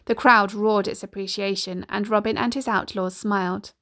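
Woman storybook narrator, steady, expressive reading aloud. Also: mid-range voice, moderate pace.

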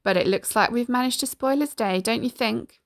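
A woman's voice: a little high, normal speed, close to an everyday voice. A woman voicing a bold, cheerful male outlaw hero in a storybook reading, confident and teasing.

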